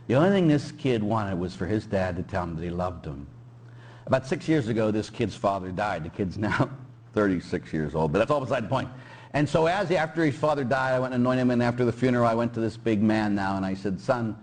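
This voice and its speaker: A man's voice: lowish voice, expressive, a little fast. A middle-aged man from Pittsburgh, a Catholic priest preaching a sermon and joking with his congregation.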